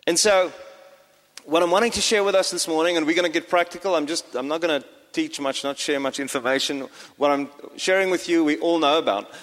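A man's voice: a little high, brisk, fairly bright tone. A pastor giving a sermon to his congregation, talking with frequent fillers and restarts. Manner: hesitant, many fillers and restarts. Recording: long hall reverb.

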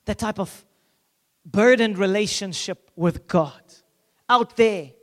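A male pastor with a strikingly high voice delivers an impassioned sermon. He swings between loud, urgent declarations and soft, hushed lines. He briefly slips into the characters of the scripture he reads. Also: in a large hall. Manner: acts out scripture characters in quick asides.

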